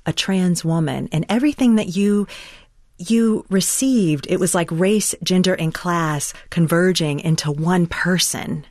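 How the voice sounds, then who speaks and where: Measured interviewer, dry sound. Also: medium pitch, no echo. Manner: measured, reflective questioning. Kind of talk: thoughtful interview questions.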